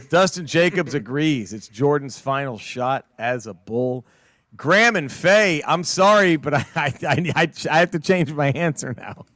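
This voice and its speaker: A man co-hosting a podcast, chatting casually about sports, swearing and breaking into loud, laughing rants. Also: medium pitch, lively intonation, a little slow, no room sound. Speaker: podcast co-host.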